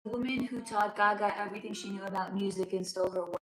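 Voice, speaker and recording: Hoarse woman hosting a chatty livestream. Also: mid-range voice, fairly even intonation, fast talker, noisy background. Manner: chatty, calls viewers honey and sweetie, swears freely. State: hoarse, losing her voice. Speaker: livestream host. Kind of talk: casual livestream chat reading viewer comments. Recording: roomy echo.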